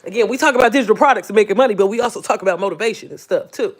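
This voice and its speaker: Animated, swearing motivational woman. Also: medium pitch, very fast. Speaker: online business coach. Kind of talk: casual livestream talk.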